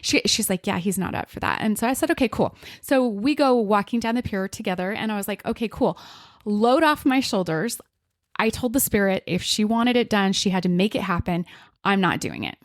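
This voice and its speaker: A middle-aged woman tells a story on her podcast, acting out each voice she quotes. Her pitch sits in the middle of the range, and the close-miked sound has no room echo. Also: brisk. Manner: expressive, acts out quotes, frequent fillers. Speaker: podcast host, medium. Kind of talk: storytelling in casual chat.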